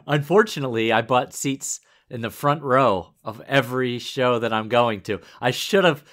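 A man's voice: medium pitch, unhurried, a bit bright. A man co-hosting a podcast, easygoing and laughing often in casual chat. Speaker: podcast co-host.

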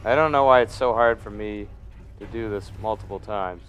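A man's voice: on the low side, normal speed, a bit bright, soft background music. A man giving gameplay commentary, muttering in frustration and mocking himself, sleepy. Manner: self-deprecating, frustrated muttering. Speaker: gamer.

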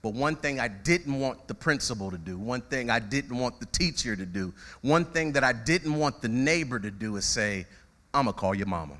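A man's voice: mid-range voice, moderate pace, hardly any pauses. A male pastor giving a conversational sermon, calling out to his congregation and often repeating words as he starts a phrase. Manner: animated, conversational preaching with call-outs to the congregation.

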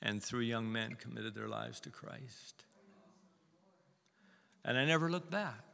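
Older male guest preacher, bright gravelly tone, folksy storyteller, echoing church with faint music behind. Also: mid-range voice, slow. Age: 70s. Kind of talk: anecdotal sermon. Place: church sanctuary.

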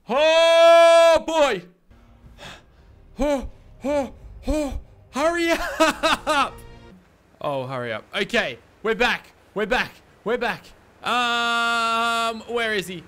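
Young man, very high voice, bright and forceful, let's play commentary, exasperated, repeats lines. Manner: panicked, exasperated, repeats himself. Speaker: gaming YouTuber.

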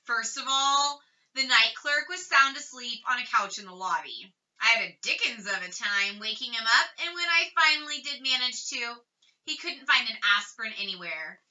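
A woman reads a worried storybook father, plain-spoken and exasperated. The voice is bright, and the sound is dull and a bit far from the mic. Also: fairly high pitch, lively intonation, normal speed.

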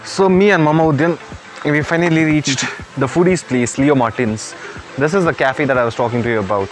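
A young man from Kalimpong, India, vlogs casually at a cafe, both outdoors and inside, chatting easily, sprinkling in Nepali and Hindi words, and saying bro constantly. His voice is fairly high and a bit fast, with faint music in the background.

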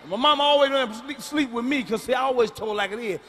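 A middle-aged man doing a profane, blunt stand-up routine, booming out his punchlines live in a large venue. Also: fast, a bit bright, slight background noise. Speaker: stand-up comedian. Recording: live stage mic in a reverberant arena.

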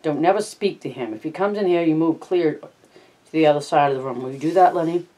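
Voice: mid-range voice, brisk, mellow, natural voice. A reader doing a blunt, worried ranch hand. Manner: blunt, urgent, coaxing. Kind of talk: audiobook reading.

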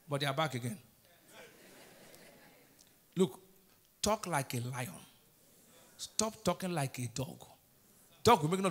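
Emphatic Nigerian pastor preaching. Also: male voice, sits high, sing-song, moderate pace, long pauses, bright, forceful tone. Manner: emphatic call-and-response preaching. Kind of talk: sermon.

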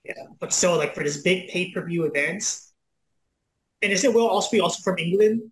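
A man's voice: high voice, normal speed. A man giving a confident, matter-of-fact pick in a casual podcast chat. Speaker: podcast co-host. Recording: echoey room with faint noise.

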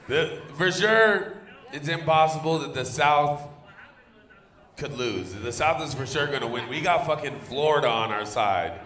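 A man doing crude live stand-up, joking with the crowd and bursting into loud teasing. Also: fairly high pitch. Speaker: stand-up comedian. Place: comedy club stage. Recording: echoey live club room.

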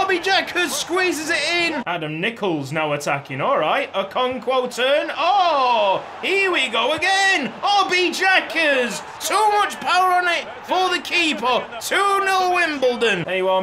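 Excitable high-voiced gamer commentator. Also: male voice, background noise. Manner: shouts and cheers at goals. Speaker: gaming YouTuber. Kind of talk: excited football game commentary.

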